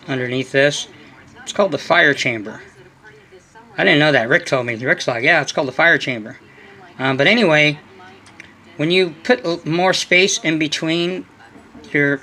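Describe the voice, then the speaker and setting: A man's voice: medium pitch, bright, forceful tone. A man hosting a hobby channel, giving a casual, rambling workshop explanation full of fillers. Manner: rambling, loose, many fillers.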